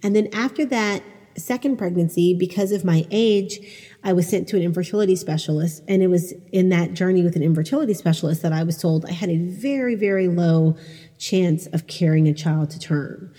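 A woman's voice: fairly low pitch, brisk, dark tone, big-room sound. A middle-aged woman hosting a podcast, telling personal stories in a candid, conversational, self-deprecating way. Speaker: podcast host. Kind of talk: personal storytelling monologue.

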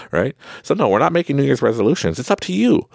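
A man with a Canadian accent hosting a podcast, giving a casual motivational monologue, animated and laughing often. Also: medium pitch, a little fast, gravelly, husky, no room sound, studio quality. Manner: animated, laughs often, tags lines with "right?". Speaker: podcast host.

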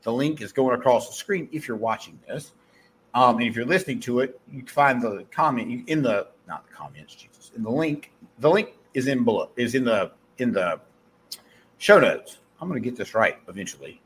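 A middle-aged man with a softened Southern US accent, hosting a podcast and giving a blunt, profane motivational pep talk that he keeps correcting mid-sentence. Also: medium pitch, lively intonation, moderate pace, slight background noise. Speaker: podcast host. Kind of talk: casual motivational monologue.

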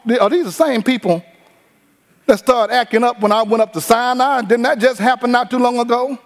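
A man preaching a sermon as pastor, animated and informal, acting out the people he talks about. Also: very high-pitched, a little fast, long reverb tail. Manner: animated preaching with acted-out quotes.

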